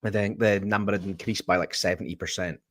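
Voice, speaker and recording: A man's voice: low-pitched, steady tone, fast talker, no echo, clean studio sound. A man co-hosting a podcast, laid-back and hesitant, full of fillers. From Britain. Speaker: podcast co-host. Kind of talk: casual live-stream chat.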